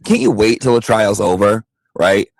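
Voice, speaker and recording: A man's voice: on the low side, sing-song, normal speed, vocal fry, a little mellow, no echo. A man vlogging, telling a story in a casual, emphatic way with frequent swearing and asides. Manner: emphatic and profane, with lots of asides.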